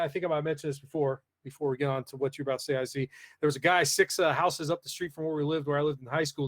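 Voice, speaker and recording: A man hosting a casual live podcast, rambling with lots of fillers as he reads the chat aloud. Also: a little high. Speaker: podcast host.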